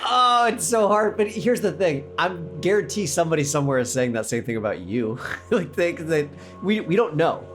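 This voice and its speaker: A middle-aged man co-hosts a podcast in loose, casual chat, telling animated stories full of asides. His voice sits a little high. Faint music plays underneath. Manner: animated, storytelling with quick asides and laughs. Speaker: podcast co-host.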